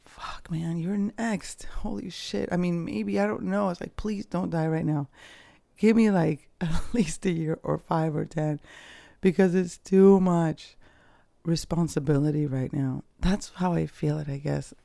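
A podcast host talking casually and candidly about personal experience, swearing freely and pausing often. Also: mid-range voice, steady tone, creaky, warm tone, no echo. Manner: slow, pausing delivery with fillers. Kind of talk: reflective personal talk.

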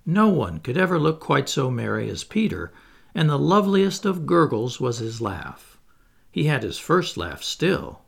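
A man reading a classic children's novel aloud in an expressive storytelling manner. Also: medium pitch, unhurried, gravelly, breathy edge. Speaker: audiobook reader. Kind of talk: storybook narration.

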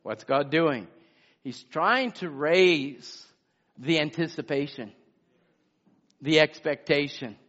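A man preaching a sermon, swinging from loud exclamations to hushed asides. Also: a little high, slow, long pauses. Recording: muffled lo-fi sermon recording.

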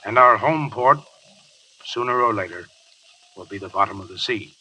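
An actor playing a proud, resolute pirate captain in a 1930s radio drama, speaking in solemn, measured declarations. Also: male voice, on the low side, sharp tone, far from the mic, slight background noise, rough recording.

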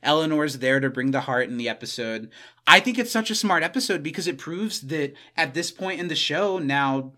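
A man's voice: on the high side, lively intonation, normal speed, sharp tone. A man hosting a casual podcast, eagerly recapping an episode and acting out scenes. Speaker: podcast host.

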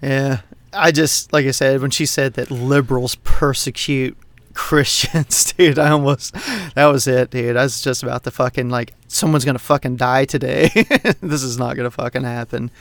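A man from Texas co-hosting a casual podcast, telling a story in an animated way, with lots of swearing and laughter. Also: mid-range voice, normal speed, dry recording. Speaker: podcast co-host. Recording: dry close mic, online call.

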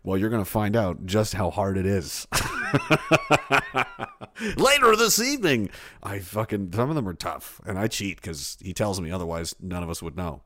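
A man's voice: low-pitched, sing-song, normal speed, a bit bright. A male podcast host chatting casually on a livestream, sarcastic and profane, often laughing at his own jokes.

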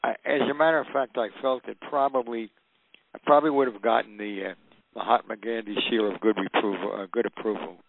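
An older man telling stories in an animated way, acting out the voices of the people in them. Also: fairly low pitch, fairly quick, no room sound. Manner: animated, acts out quoted voices. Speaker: guest storyteller. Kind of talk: recounting anecdotes. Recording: tinny phone-like radio line.

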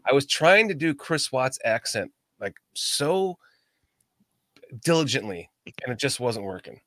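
Lively joking male podcast host. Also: mid-range voice, unhurried, dry recording. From northern Illinois. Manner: joking, laughs often. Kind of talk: casual chat.

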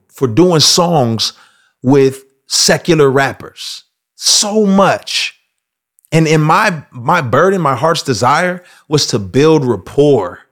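A man hosting casual faith commentary, telling stories in an animated way and slipping into acted voices. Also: mid-range voice. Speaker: host.

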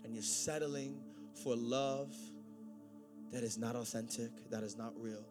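A man preaching a sermon, swinging from loud, excited preaching to quiet, intense talk. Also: mid-range voice, a little slow, over loud music.

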